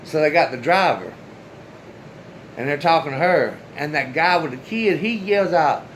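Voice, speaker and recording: A man's voice: fairly high pitch, animated, moderate pace, slight background noise, poor audio. A man casually telling a personal story straight to his viewers, loose and chatty, with the odd swear word. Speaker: storyteller, channel host.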